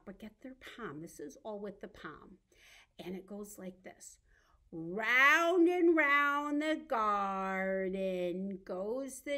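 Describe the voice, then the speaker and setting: A woman's voice: mid-range voice, fairly bright tone. A woman librarian leading a baby storytime, talking in a cheerful sing-song way to small children and their grown-ups. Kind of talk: baby storytime with songs and rhymes.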